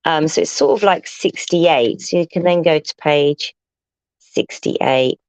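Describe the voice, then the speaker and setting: A woman's voice: deep voice, measured pace, no room sound, poor audio. A woman hosting a live craft demonstration, chatty and enthusiastic as she thinks aloud and answers viewers. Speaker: craft tutor hosting a livestream.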